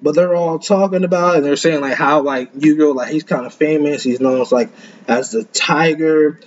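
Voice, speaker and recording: A man's voice: fairly high pitch, moderate pace, lo-fi sound, a little hiss or hum. A man giving casual reaction commentary in a rambling, stumbling way, repeating words and chuckling often.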